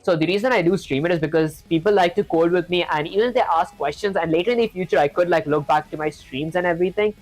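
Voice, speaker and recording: A woman's voice: lowish voice, fast, few pauses, darkish tone, dry recording, low-quality recording. A woman streaming herself coding, talking through each step and chatting with viewers in a loose, filler-heavy way.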